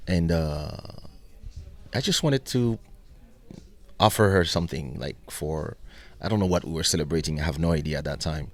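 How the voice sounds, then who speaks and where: A man's voice: very deep voice, moderate pace, long pauses. A middle-aged man, a musician, telling anecdotes in an interview, acting out the dialogue and laughing often. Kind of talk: animated storytelling.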